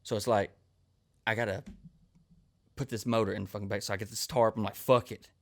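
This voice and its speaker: A comedian hosting a podcast, this man tells crude, rambling stories and swears constantly, acting out the people he quotes. His voice is fairly low and creaky, with a steady tone and a quick pace, in a profane storytelling monologue.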